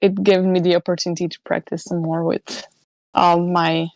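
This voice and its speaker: A woman with a French-Canadian accent co-hosts a casual podcast in English, her second language. Her voice sits fairly low, and she speaks hesitantly, often pausing to find words. The recording sounds dry and close. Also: level tone, a little mellow, no echo. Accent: Québécois French. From Quebec, Canada. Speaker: podcast co-host.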